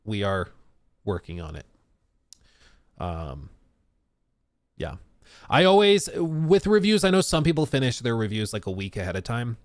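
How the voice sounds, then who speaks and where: Man, live streamer, casual rambling chat, self-deprecating, bouncy pitch, dry close sound. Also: very animated, unhurried, long pauses, dry recording. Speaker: streamer and games reviewer.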